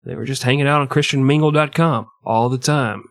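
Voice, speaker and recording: A man's voice: medium pitch, fairly quick, no room sound, studio quality. A man co-hosting a podcast, telling history as crude, joking comedy and putting on mock voices. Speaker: podcast co-host.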